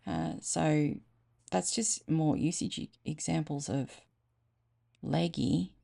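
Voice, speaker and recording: Woman, Australian accent, rough gravelly tone, lowish voice, chatty and self-mocking, casual host talk. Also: steady tone, slow, warm tone. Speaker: channel host reading aloud. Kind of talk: casual chat to camera.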